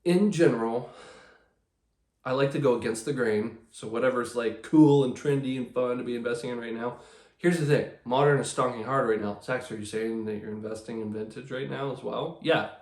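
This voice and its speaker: A man's voice: medium pitch, normal speed, a little mellow. Rambling sarcastic man, echoey room. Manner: rambling, sarcastic, with many restarts. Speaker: channel host. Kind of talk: casual talk about card collecting.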